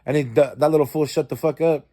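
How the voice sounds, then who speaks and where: A man casually recounting a dream in a rambling, profane way, with many fillers and restarts, and he acts out quoted lines with sudden jumps in pitch. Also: fairly even intonation, fast talker, warm tone.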